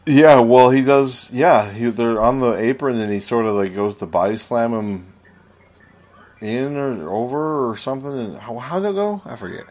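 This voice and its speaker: A man's voice: mid-range voice, lively intonation, normal speed, darkish tone. A man co-hosting a casual wrestling podcast, speaking hesitantly with restarts and trailing thoughts. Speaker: podcast co-host.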